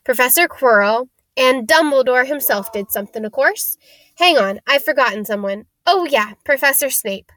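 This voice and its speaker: A woman's voice: high-pitched, lively intonation, moderate pace, a bit bright, no room sound. A woman reading aloud, voicing a big, friendly, secretive male groundskeeper with folksy, clipped speech. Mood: chatty.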